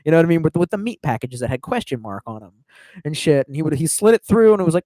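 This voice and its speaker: A man's voice: a little high, lively intonation, fast talker, dark tone, dry recording. A man in his thirties on a livestream telling rambling, profane stories and laughing at his own tangents. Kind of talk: rambling storytelling.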